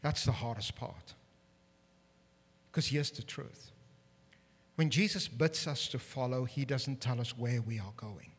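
Animated male preacher in a reverberant hall. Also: medium pitch, unhurried, pauses often, husky. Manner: animated, rising to loud emphatic peaks; humorous, self-deprecating asides. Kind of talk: sermon.

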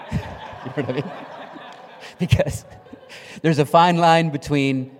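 Middle-aged pastor in a reverberant hall. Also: male voice, on the high side, steady tone, slow pace, background noise. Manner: conversational storytelling, emotional and humorous. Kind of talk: sermon. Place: church sanctuary. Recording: long reverb of a large hall.

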